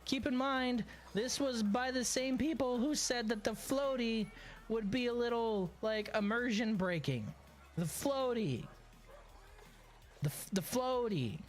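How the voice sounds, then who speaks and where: A man streaming a game, telling a story in a sarcastic, animated way and often chuckling as he plays. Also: extremely high pitch, unhurried, faint music behind. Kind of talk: casual gameplay commentary and storytelling.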